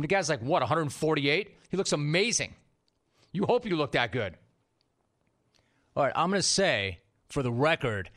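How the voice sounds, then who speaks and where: Brash bright-voiced male talk host. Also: on the high side. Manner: brash storytelling with voiced impressions of friends. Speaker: radio sports talk host. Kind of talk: animated sports talk monologue.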